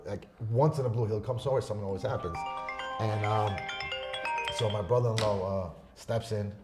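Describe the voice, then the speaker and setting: A man on a podcast telling a story in a casual, profane way, swinging between loud bursts and hushed asides. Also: fairly low pitch, fairly quick, loud music behind the voice. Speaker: podcast guest.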